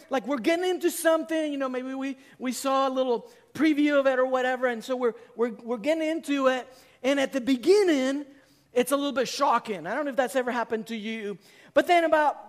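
A man in his forties, a pastor giving a sermon, who tells stories in a lively way and acts out his own reactions. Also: very high voice.

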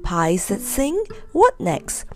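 A woman's voice: medium pitch, sing-song, a little slow, creaky, soft background music. A woman doing a cross, scolding aunt. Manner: sharp, impatient scolding. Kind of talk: storybook reading.

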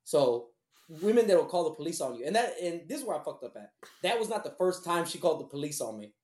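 A man's voice: a little high, sing-song, fast talker, darkish tone. A man telling a long personal story in a blunt, profane, rambling way. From Houston, Texas. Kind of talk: casual storytelling. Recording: echoey room.

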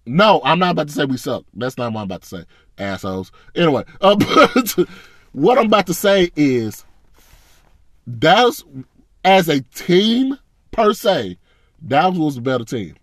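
A man's voice: fairly high pitch, very animated, normal speed, no echo, clean studio sound. A man ranting as a fan, blunt and profane, in a casual, frustrated reaction. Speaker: sports fan commentator.

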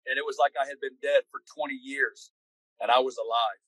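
A man's voice: mid-range voice, steady tone, a little fast, fairly bright tone, dry recording, poor audio. A man recounting his personal testimony as a podcast guest, intense and dramatic, acting out the voices of people in his story. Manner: intense, dramatic retelling with vivid quoted dialogue.

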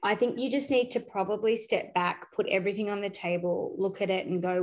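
A woman giving a casual spiritual reading, chatty and quick, passing on messages to the person in front of her. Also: medium pitch, steady tone. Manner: chatty, warm-voiced, relays messages with "they're saying". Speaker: psychic reader.

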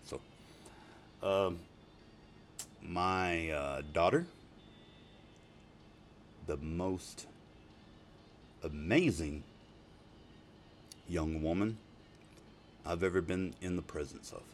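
A middle-aged man with a very low voice talks in a loose, rambling way, full of swearing and laughter, that turns tender when he speaks of his family. It is a personal video message with faint noise in the background. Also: extremely slow, pauses often. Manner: profane, rambling, laughing, emotional.

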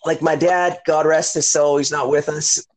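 A man's voice: fairly high pitch, little pitch movement, moderate pace. A middle-aged man hosting a podcast, telling a long story in casual, rambling chat that is full of swearing, "like" and "you know".

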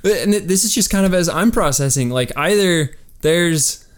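A man's voice: high-pitched, lively intonation, moderate pace. Rambling young man in casual chat. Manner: rambling, self-interrupting, jokey.

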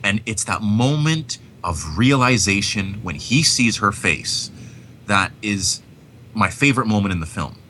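A man with a very low voice and a bright, forceful tone talks about movies in a loose, enthusiastic podcast chat. He rambles and restarts his sentences often. A faint hiss sits behind him. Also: expressive, measured pace. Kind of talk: casual film discussion.

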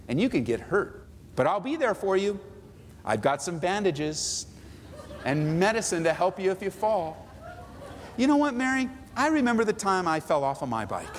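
A man's voice: sits high, background noise, pitched above the performer's own voice. A man doing a doting, soothing comforter. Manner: tender, reassuring, chatty.

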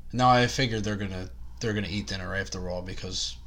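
A man's voice: low-pitched, steady tone, fast, fairly bright tone. A man co-hosting a casual comedy podcast, telling rambling, crude stories. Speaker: podcast co-host.

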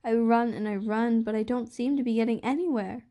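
A woman's voice: on the high side, fairly quick, warm tone, lightly acted. A woman reading an audiobook, voicing a superstitious older aunt who tells a nightmare with hesitant fear. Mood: fearful.

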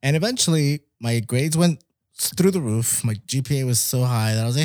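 A young man, telling stories in casual chat, animated, laughing often and dropping in Spanish words. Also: medium pitch, fairly quick, no echo, clean studio sound. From Mexico.

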